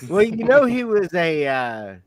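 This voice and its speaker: A man's voice: sits high, very animated, a little slow. A man co-hosting a casual podcast chat, blunt and swearing freely, laughing often. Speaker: podcast co-host. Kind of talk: casual banter.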